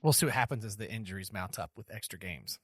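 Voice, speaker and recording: A man's voice: fairly low pitch, lively intonation, fast talker, noisy background. A man hosting a casual podcast chat, telling stories animatedly and repeating words as he thinks. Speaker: podcast host.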